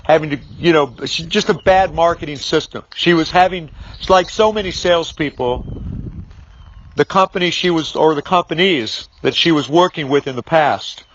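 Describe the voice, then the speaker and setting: A man's voice: a little high, normal speed, fairly bright tone, highs cut off, a little hiss or hum. A man who trains salespeople, talking freely in a rambling way with many fillers and restarts, and acting out both sides when he retells an argument. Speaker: business author and sales trainer. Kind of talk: unscripted monologue.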